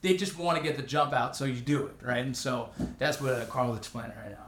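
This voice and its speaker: A man hosting a podcast, telling his own army stories in a casual, animated and profane way. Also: mid-range voice, brisk. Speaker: podcast host. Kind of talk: casual chat.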